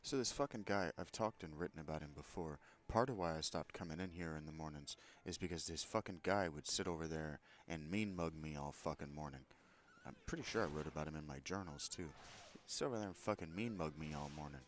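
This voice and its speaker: In a slightly fast bass voice, a vlogger angrily recounts a confrontation, swearing freely and sounding aggrieved as his temper climbs.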